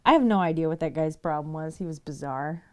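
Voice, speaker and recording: A woman's voice: low voice, quick pace. A middle-aged woman casually telling stories to her livestream viewers, chatty and laughing often. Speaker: livestream painter.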